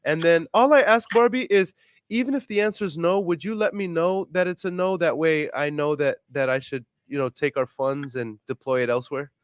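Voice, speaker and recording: A man's voice: a little high, a little fast, dry recording. Upbeat, polite male host; jokey and friendly, dry close mic. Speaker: real estate investor and vlog host. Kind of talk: casual phone call and chat.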